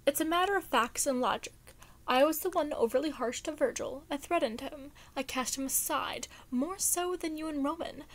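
A stiff, exhausted man of pure logic, as a woman reading a fan story puts him on, talks in clipped, formal, flat sentences. The voice sits fairly high. It is heard in a storybook reading. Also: moderate pace, lightly acted. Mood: tired, resigned.

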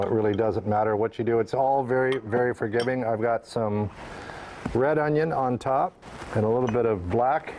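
A man's voice: mid-range voice, darkish tone, slight background noise. A man hosting a cooking show, talking folksy and chatty while he makes pizza. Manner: chatty, folksy kitchen talk. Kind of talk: upbeat cooking demonstration.

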